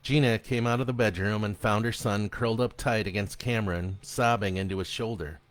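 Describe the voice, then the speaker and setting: A man giving a live reading of his own horror story in an expressive, dramatic storytelling manner. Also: lowish voice, brisk, dry recording.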